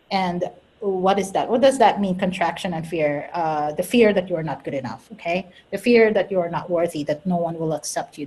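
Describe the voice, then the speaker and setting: A woman's voice: on the low side, slightly rough, rough recording. A woman talking casually about spiritual growth, earnest and laughing at herself now and then. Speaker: host and spiritual coach.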